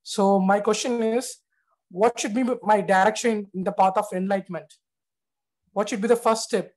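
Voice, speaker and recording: A man's voice: sits high, fairly even intonation, normal speed, a little mellow, rough recording. Hesitant man asking questions on a call. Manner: hesitant, many uhs. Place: online video call.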